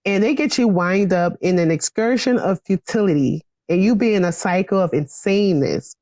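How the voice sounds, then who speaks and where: A man's voice: high-pitched, darkish tone, no room sound. A man giving a fiery political speech in a rhythmic, repetitive, preacher-like style, from an archival recording. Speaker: political speaker.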